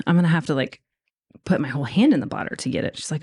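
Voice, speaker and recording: Woman in her thirties, low-ish voice, lively anecdote, whispered asides, laughing. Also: fast talker. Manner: animated, laughing, acts out quotes in whispers. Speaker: veterinarian guest. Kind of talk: casual storytelling chat.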